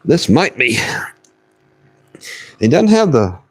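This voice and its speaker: A man's voice: medium pitch, sing-song, slow, husky, no echo. A man live-streaming while he fishes, chatting folksy and casual and reading his chat aloud. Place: outdoors on the water.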